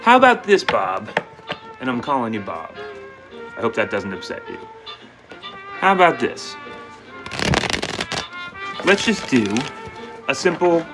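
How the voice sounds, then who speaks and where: A man doing a live tarot reading, playful and animated, talking straight to viewers and acting out their questions and answers. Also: medium pitch. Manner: voices questions and answers as quoted speech. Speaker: tarot reader taking questions.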